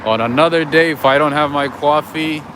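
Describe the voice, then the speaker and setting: Out on the city streets, a man runs a relaxed walking livestream, reading comments and chatting and telling stories to his viewers. His voice is on the high side, his pace moderate, and the background is noisy.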